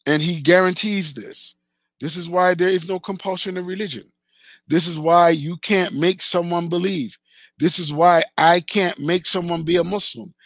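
A man's voice: on the high side, dry recording. Emphatic man giving a religious lecture. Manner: emphatic, repeats phrases for stress; recites Arabic verses between English. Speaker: Islamic teacher.

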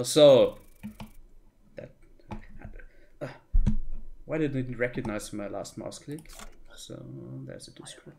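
Gravelly slow-talking man muttering at a game. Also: medium pitch, background noise. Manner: thinks aloud, muttering and exclaiming in frustration. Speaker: streamer. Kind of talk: live gameplay commentary.

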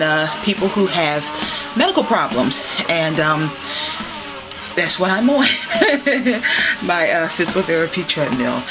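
A woman's voice: lowish voice, noisy background. A woman vlogging casually to her viewers while walking on a treadmill at home, slightly winded, recorded on a handheld camera. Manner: chatty, addresses viewers as y'all, laughs often.

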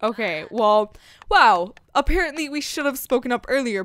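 A woman's voice: on the high side, expressive, normal speed, fairly bright tone, dry recording. Bubbly woman narrating her gameplay. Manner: bubbly, gushing, chatty with lots of "like" and "freaking". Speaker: gaming channel host. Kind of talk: casual let's-play commentary.

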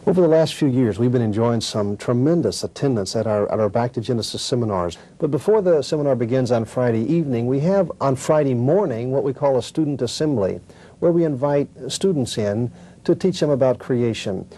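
A male co-host with a mid-range, mellow voice. He is friendly and easygoing, and keeps the conversation going by setting up questions for his colleague on a studio program. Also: medium pitch, animated, brisk, poor audio. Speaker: lecturer and co-host. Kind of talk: conversational TV discussion.

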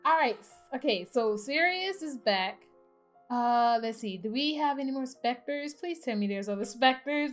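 A woman giving casual let's-play commentary, chatty and excitable, talking to her game characters as she plays. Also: on the high side, normal speed, soft background music. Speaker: gaming channel host.

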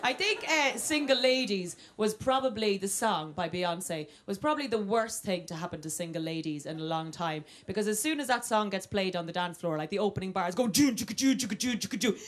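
Hosting stand-up in front of a live crowd, this young Irishwoman talks fairly quickly in a mid-range voice with lively intonation and few pauses. She's chatty and pokes fun at herself, letting out the occasional squeal. Audience noise comes through the live stage recording.

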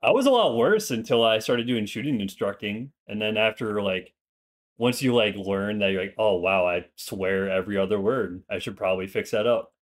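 A man's voice: lowish voice, normal speed. A young man with a slight Minnesotan accent rambles through casual, profane banter. He is a streamer and former Marine talking with a friend while gaming, in a loose, joking way. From Minnesota, USA.

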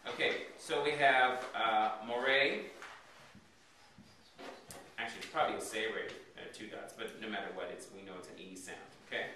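This Hebrew teacher has a fairly low, sharp voice with a steady tone and moderate pace, plus a little hiss or hum on the recording. He asks his class questions and checks comprehension with a frequent "okay?" after each point. The mic catches him from a distance in an echoey room.

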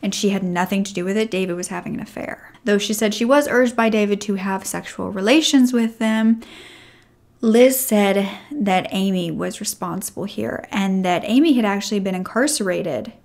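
Woman narrating true crime, measured. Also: mid-range voice, creaky, darkish tone.

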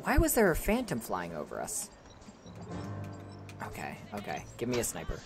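A woman's voice: extremely low pitch, huge pitch swings, fast talker, over music. A woman streaming a game, chatting with her viewers, joking and laughing often. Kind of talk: casual gaming stream commentary.

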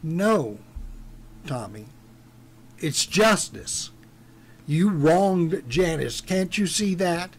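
A man voicing a small-town deputy who speaks in a calm, measured, firm way. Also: fairly high pitch, exaggerated voice.

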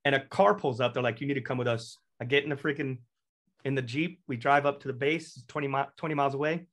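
A young man from Texas, a Marine veteran guest, telling a long anecdote in a casual, animated and profane way. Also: medium pitch, fast talker. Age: young adult. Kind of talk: casual storytelling.

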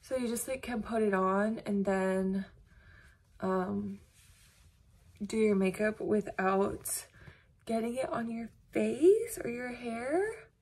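A woman's voice: medium pitch, expressive, takes it slowly, pauses often, a little mellow, husky. A woman, chatting casually to her phone camera at home in a bubbly, gushing way. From United States. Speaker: vlogger. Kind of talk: casual vlog chat. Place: home, indoors.

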